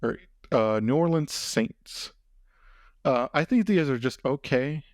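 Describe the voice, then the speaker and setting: A male podcast host talks in an animated, medium-pitched voice at a measured pace, meandering through casual chat and sprinkling in fillers and "you know what I mean." The audio is studio quality with no room sound.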